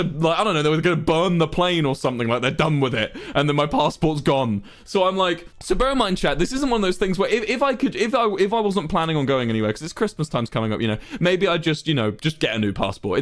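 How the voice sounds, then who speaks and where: High-voiced young man ranting, exasperated. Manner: exasperated, swearing, animated rant. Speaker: streamer. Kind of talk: casual storytelling to a live chat.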